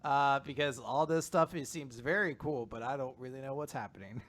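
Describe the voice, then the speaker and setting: A young man co-hosting a casual comics recap, animated and quick to break into voices. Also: mid-range voice. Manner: animated, jumps into voices and exclamations. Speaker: podcast co-host.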